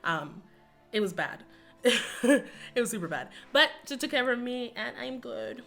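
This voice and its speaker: A woman's voice: a little high, very animated, unhurried, gravelly, a bit bright, faint music behind. A woman, chatting casually to her viewers in a rambling vlog, laughing often and calling everyone "y'all.". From Texas, US. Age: 20s. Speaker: YouTuber.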